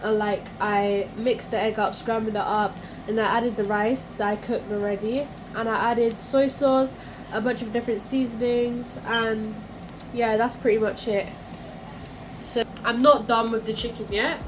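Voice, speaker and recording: A woman's voice: a little high, fairly even intonation, a little slow, noisy background. A young woman with a cold, chatting casually through a home cooking vlog, talking in scattered bursts with fillers and self-corrections. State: has a cold. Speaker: cooking vlogger. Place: home kitchen with frying food.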